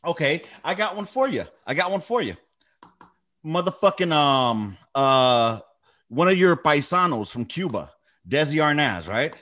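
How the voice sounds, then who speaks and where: A man's voice: a little high, sing-song, measured pace, fairly bright tone. Swearing, laid-back man on a podcast. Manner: swears often, calls his friend bro and dude. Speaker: podcast co-host. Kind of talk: casual chat.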